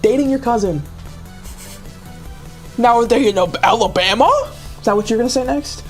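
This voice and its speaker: A woman co-hosting a casual livestreamed board game, excitable and teasing, laughing often. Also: a little high, moderate pace, faint music behind. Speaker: streamer co-host.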